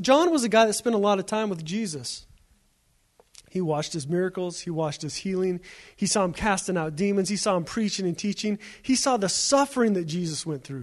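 A man preaching a sermon as a pastor, in a conversational storytelling way with repeated phrases. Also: sits high.

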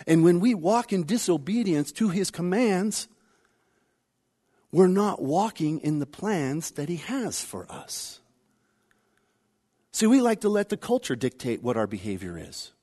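A man preaching a sermon, repeating his key phrases, rising for emphasis and then dropping low and quiet. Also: very animated, a little slow, pauses often. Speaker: pastor.

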